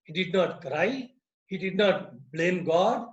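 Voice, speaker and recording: Earnest storyteller, echoey. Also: male voice, high voice, takes it slowly, highs cut off. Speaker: lodge speaker. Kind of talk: moral talk with storytelling. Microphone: video call.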